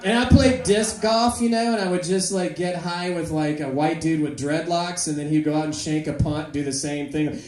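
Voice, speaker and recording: A woman doing a rambling, profane stand-up comedy set, breaking into loud shouted bits. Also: deep voice, fairly even intonation, moderate pace, few pauses. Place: comedy club with audience. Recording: echoey club room with crowd.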